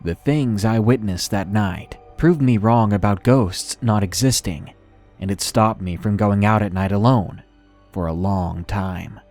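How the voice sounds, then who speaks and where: A man reading a first-person horror story aloud in a slow, measured, ominous way. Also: fairly low pitch, a little mellow. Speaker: narrator. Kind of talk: scripted horror story narration. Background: faint background music.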